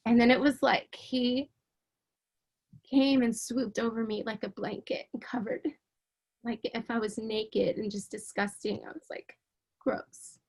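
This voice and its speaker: A woman guest in an interview giving a personal faith testimony. She speaks with emotion and earnestness, often halting, repeating words and restarting her sentences. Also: on the high side, little pitch movement. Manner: fervent and earnest.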